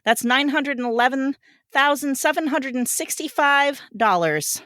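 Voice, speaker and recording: Bright, high-voiced woman co-host. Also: normal speed, dry recording, studio quality. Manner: laughs often, playful. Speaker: podcast co-host. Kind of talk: casual chat, reading game cards aloud.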